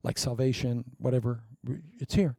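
A man doing a gentle, offhand savior. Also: medium pitch, level tone, moderate pace, no room sound, studio quality, close to an everyday voice. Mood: easygoing. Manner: casual, easygoing offer. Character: gentle, offhand savior offering a free gift.

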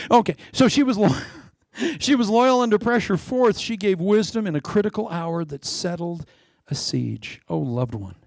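A male preacher with a fairly high, gravelly voice that leaps all over the place as he jokes his way through a sermon. He swings from loud, laughing punchlines to hushed asides, all captured close and dry with no room sound. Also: no echo. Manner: animated, joking, often laughing, drops to soft asides. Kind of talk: lively comic sermon.

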